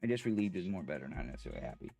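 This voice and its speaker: A man telling a personal story in a halting, rambling way, pausing as the emotions come back. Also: deep voice, big pitch swings, gravelly, a little mellow. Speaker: vlogger.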